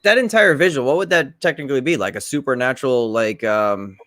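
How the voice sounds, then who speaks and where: A man's voice: medium pitch, a little fast, a bit bright. A man hosting a casual interview and asking short follow-up questions. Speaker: interview host.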